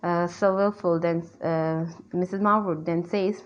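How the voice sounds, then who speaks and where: A woman's voice: on the low side, steady tone, measured pace. A woman lecturer with a Pakistani English accent explaining a play, hesitant with many fillers. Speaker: literature lecturer. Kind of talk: university lecture. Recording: dull lo-fi recording.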